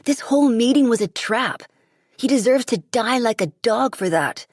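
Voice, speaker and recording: A woman's voice: a little high, lively intonation, moderate pace, husky, dry recording, clean studio sound, pitched above the performer's own voice. A woman voicing a sulky, scared twelve-year-old boy who mutters and grumbles tensely.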